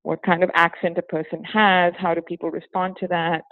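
A lively, chatty former teacher from Singapore guests on a casual interview, laughing often and slipping into acted quotes. Her lowish voice moves fairly quickly, and her hybrid accent has a touch of British. The audio is dry and tinny like a phone, with no echo.

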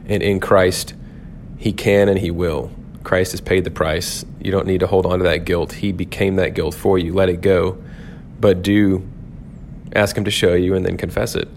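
A man with a fairly low voice teaches scripture on a podcast in an earnest, reflective way. He often stops partway through a sentence and starts it again. A faint low rumble sits under the recording. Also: darkish tone. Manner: earnest, thoughtful, with frequent restarts and fillers. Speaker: podcast host, pastor.

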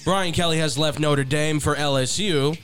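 A man's voice: a little high, steady tone, normal speed, fairly bright tone, faint music behind. A man running the board and chatting on a sports talk show, casual and self-deprecating. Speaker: board operator and co-host.

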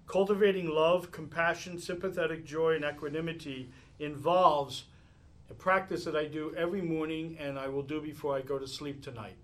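A man with a fairly high voice teaches meditation in a live talk, responding to questions with energetic storytelling and lots of chuckling.

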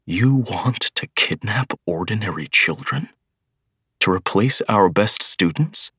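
A man's voice: low-pitched, animated, slow pace, bright, forceful tone, slightly rough, no echo, clean studio sound, voice pushed up, exaggerated voice. A man voicing an indignant young schoolmaster of Good who stammers, agitated and in disbelief. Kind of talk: audiobook character voice.

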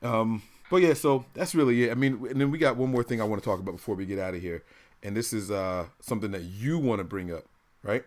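A man's voice: lowish voice, quick pace. A man in his thirties telling stories animatedly in a casual podcast chat, laughing often. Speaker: podcast co-host.

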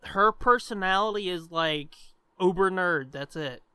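A high, bright, smooth male voice, talking in loose, animated podcast banter and swearing freely. He rambles through his points. The sound is dry and close. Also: a little slow, no echo. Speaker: podcast co-host. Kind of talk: casual chat.

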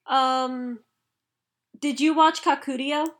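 Bubbly high-voiced woman co-host. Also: takes it slowly. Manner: bubbly, excitable and giggly. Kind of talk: casual chat about anime.

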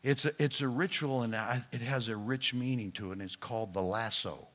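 A man's voice: mid-range voice, a little fast, fairly bright tone. A male pastor preaching a sermon, addressing the congregation directly in a playful coaching manner.

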